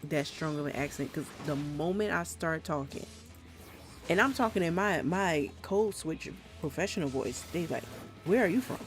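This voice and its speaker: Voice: medium pitch, normal speed, faint music behind. A streamer chatting casually during a live gameplay session, with a slight Trinidadian accent, rambling frankly and swearing freely with many restarts. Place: home, South Florida.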